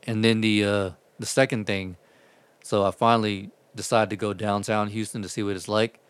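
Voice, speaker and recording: Guy, low voice, dry close sound, swearing storyteller. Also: normal speed, clear, resonant tone, no room sound. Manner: profane, rambling, animated retelling. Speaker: delivery driver telling stories. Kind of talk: casual storytelling chat.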